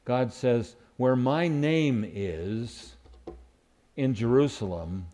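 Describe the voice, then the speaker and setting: A man's voice: medium pitch, drawn-out words, warm tone. A man preaching a sermon who acts out quoted lines with sudden rises and dips in his voice.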